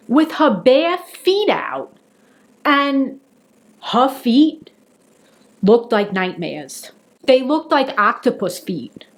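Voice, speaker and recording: Indignant New York woman ranting. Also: high-pitched. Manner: indignant, exasperated, profane storytelling. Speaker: vlogger. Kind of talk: comic rant monologue.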